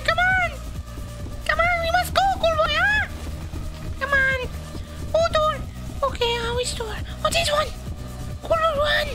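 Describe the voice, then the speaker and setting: A man voicing a whiny, bratty little boy who speaks in childish broken grammar and yells often during game commentary. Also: extremely high pitch, exaggerated voice. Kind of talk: in-character gaming commentary.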